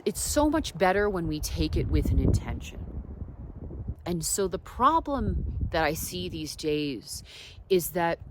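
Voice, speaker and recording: A woman with a low, unhurried voice tells personal stories in a casual wellness vlog. She drifts between soft asides and emphatic points. A faint hiss of noise sits under her voice. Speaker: wellness vlogger. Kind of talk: casual reflective storytelling.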